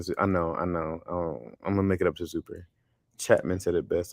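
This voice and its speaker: On a dry recording, a deep-voiced man talks fairly quickly while hosting a laid-back livestream and going through viewer comments. He's blunt, laughs frequently, and tells stories with a lot of energy.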